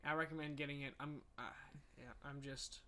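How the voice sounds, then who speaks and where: A man co-hosting a podcast, retelling a movie in casual chat with emotional, animated delivery. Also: on the high side, fairly quick, slight background noise. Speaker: podcast co-host.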